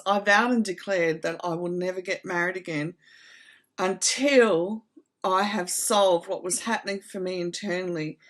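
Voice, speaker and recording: A middle-aged woman giving an earnest, heartfelt reflective talk to camera, slow and emphatic. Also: on the low side. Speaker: trauma recovery channel host.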